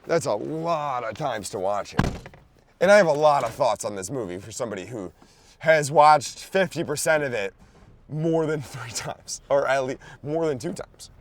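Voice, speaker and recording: A man's voice: medium pitch, expressive, moderate pace. A young man from the Philadelphia area hosting a comedy podcast, ranting loosely about a movie with lots of fillers and restarts. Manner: loose, rambling, lots of fillers and restarts, sudden loud outbursts. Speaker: podcast host. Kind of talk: rambling comedic movie rant.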